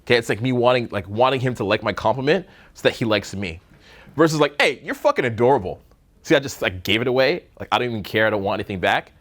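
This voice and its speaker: A man's voice: mid-range voice, fast talker, fairly bright tone. A man coaching a live seminar room on dating, talking bluntly with swearing and jokes, slipping into mocking voices to make his points. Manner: blunt, profane, joking, slips into mocking put-on voices.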